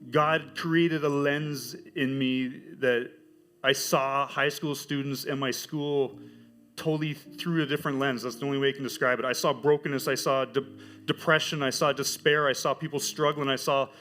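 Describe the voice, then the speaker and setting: A middle-aged man telling his church testimony as a teacher, with animated storytelling. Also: medium pitch, normal speed. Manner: animated storytelling, acts out quoted voices. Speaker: high school teacher giving a testimony.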